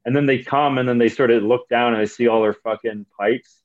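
A young Canadian man, a comedian appearing as a podcast guest, tells rambling, profane stories in a casual chat. His voice is medium-pitched and brisk, and the sound quality is lo-fi. He tells his stories in an animated way.

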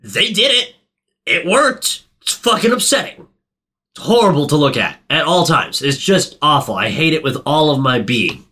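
A man in loose casual chat with a bright, forceful voice. He rambles and swears freely, and jumps into acting out the scenes he describes. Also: on the high side, sing-song, husky. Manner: profane, rambling, quick to act out lines. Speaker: podcast co-host recapping a movie.

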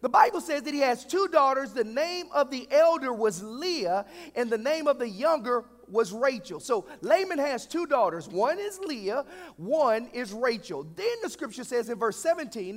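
Male pastor, very high voice, joking sermon, call-and-response, long church echo. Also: very animated, moderate pace. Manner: humorous, call-and-response preaching. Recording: echoey hall.

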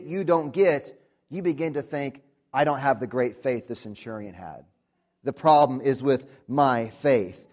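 Earnest, somewhat high-voiced male preacher. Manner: earnest, emphatic preaching with rhetorical questions; repeats and rephrases key words for emphasis. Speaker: pastor. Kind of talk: sermon. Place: church.

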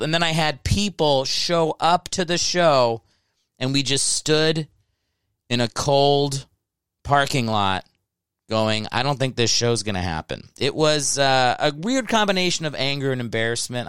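Rambling, joking man with a smooth voice. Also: medium pitch, expressive, moderate pace, a bit bright, no room sound, clean studio sound. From Ohio. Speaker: podcast host and stand-up comedian. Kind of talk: casual solo podcast monologue. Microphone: close microphone.

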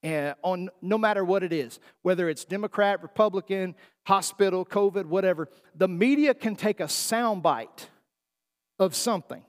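A man preaching a sermon in a folksy, emphatic way, asking his listeners rhetorical questions. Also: sits high. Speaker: pastor. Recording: long hall reverb.

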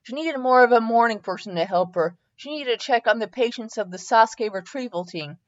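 A woman's voice: on the high side, expressive, a little fast, muffled recording. A woman host reading fan fiction aloud in a comedic dramatic style, tripping over typos and correcting herself with asides.

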